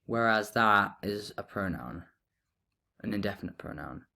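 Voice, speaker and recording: A man explaining grammar in a relaxed lesson, thinking aloud as he writes notes. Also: lowish voice, measured pace, gravelly. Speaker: teacher.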